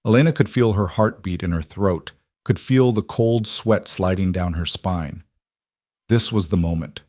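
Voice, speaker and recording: Close-miked and echo-free, this clip has a man with a low voice narrating an audiobook script at a calm, even pace.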